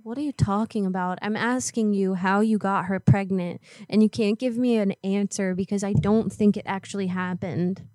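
A woman's voice: mid-range voice, steady tone, moderate pace, hardly any pauses, a little mellow, no room sound. A woman prank calling a man, trash-talking him in a brash, profane way. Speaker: prank caller. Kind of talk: aggressive prank call.

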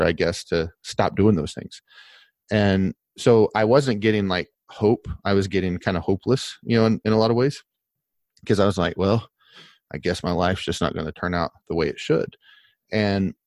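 A man's voice: low-pitched, no echo. A man telling a long personal story in casual conversation, rambling and candid, with many fillers and restarts, earnest and emotional.

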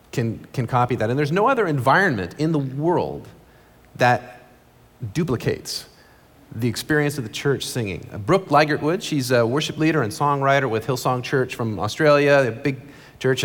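Man preaching in a reverberant hall. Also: mid-range voice. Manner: earnest, conversational preaching with quick asides. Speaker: pastor. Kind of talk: sermon. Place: church sanctuary on stage. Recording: long reverb of a large hall.

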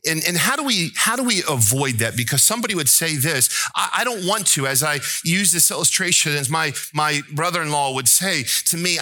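A man's voice: lively intonation, brisk, few pauses, bright, forceful tone, dry recording. A man preaching a sermon as pastor, asking the congregation questions, joking and rising to emphatic, pleading peaks. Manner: asks the congregation questions and tells jokes; rises to an emphatic, pleading pitch.

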